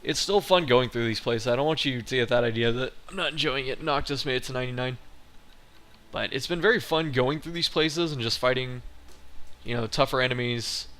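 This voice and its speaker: A man's voice: mid-range voice, a little fast, fairly bright tone. A man giving casual gameplay commentary as a let's play host, chatty and profane, humming to himself while he fights. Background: game music.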